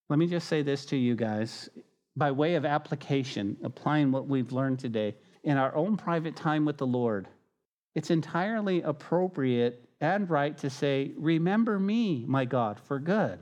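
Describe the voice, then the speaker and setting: A male pastor preaching a sermon in a loose, conversational style. His voice sits at a middling pitch, and he shifts between animated asides and quieter, earnest moments. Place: church sanctuary.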